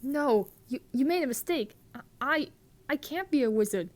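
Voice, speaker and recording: A woman's voice: sits high, expressive, moderate pace, a little mellow, voice pushed up. A woman voicing an anxious young boy wizard in a comedic script reading. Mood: startled.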